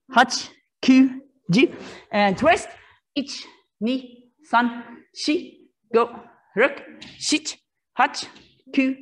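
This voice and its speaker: Her voice a little high, a female karate instructor runs a kids' class. She counts in Japanese and gives commands, staying supportive but quietly firm.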